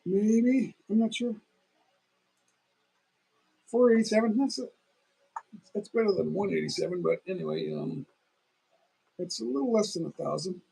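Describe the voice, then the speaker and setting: Tired middle-aged guy rambling on his phone livestream, super gravelly and husky. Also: high voice, big pitch swings, normal speed, long pauses, warm tone, rough recording. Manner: meandering, talks while eating, restarts often. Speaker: livestream host. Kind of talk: rambling casual livestream chat.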